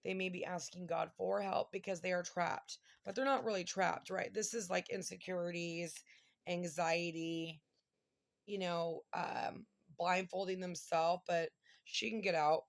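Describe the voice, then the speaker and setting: Emotional gravelly-voiced woman reading tarot. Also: lowish voice, fairly even intonation, a little slow. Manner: emotional, exclamatory, near tears at times. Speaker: tarot reader. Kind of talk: casual tarot reading monologue.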